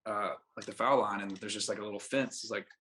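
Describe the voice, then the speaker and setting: As a podcast guest, a young baseball pitcher rambles through a long, laid-back story, backtracking, restarting, and using "like" in nearly every sentence. He talks fast in a lowish, bright, forceful voice with fairly even intonation, and slight background noise is audible.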